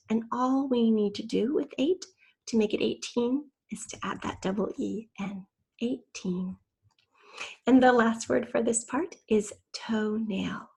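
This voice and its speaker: A woman teacher gives a spelling lesson online, spelling out words letter by letter for young children. Her voice is gravelly and a little husky. She speaks patiently and clearly into a computer mic. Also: mid-range voice, darkish tone.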